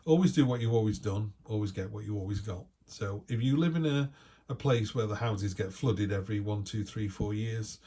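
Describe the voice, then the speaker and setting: A man's voice: lowish voice, normal speed, warm tone, slightly rough. A man giving a weekly tarot reading in a chatty, rambling way full of asides and restarts. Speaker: tarot reader.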